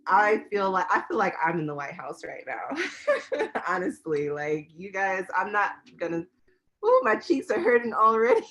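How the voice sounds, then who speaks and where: Bubbly, excited woman craft teacher. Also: mid-range voice, moderate pace, low-quality recording. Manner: excited, bubbly, laughing often. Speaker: craft class instructor. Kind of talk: live online class greeting.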